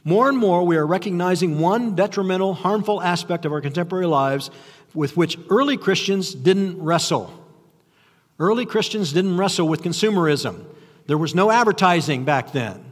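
An older man delivers a sermon in a conversational, self-deprecating style, tripping over restarts and throwing out rhetorical questions. His voice sits high and animated at a normal speed, and the recording carries long hall reverb.

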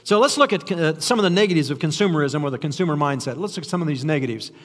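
Older guy preaching, talks high, lots of restarts and "don't you?" asides, echoey hall. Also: animated, racing, fairly bright tone. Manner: conversational, self-deprecating, frequent restarts and rhetorical questions. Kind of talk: sermon. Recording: long hall reverb.

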